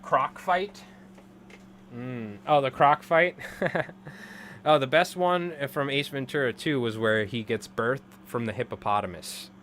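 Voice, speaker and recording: A man's voice: mid-range voice, unhurried, fairly bright tone, a little hiss or hum. A man in his thirties chatting casually on a live stream while tying flies, rambling and laughing often. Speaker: live-streaming fly tyer.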